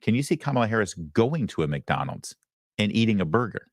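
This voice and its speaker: A man's voice: fairly low pitch, sing-song, fairly quick, no echo, clean studio sound. A male host giving sarcastic, emphatic commentary on news clips. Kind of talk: opinionated commentary.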